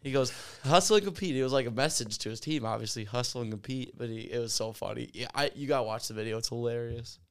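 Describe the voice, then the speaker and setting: A man in a casual sports chat, telling an animated story and acting out quotes in a raised voice. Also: mid-range voice, fast talker, gravelly, few pauses, clear, resonant tone.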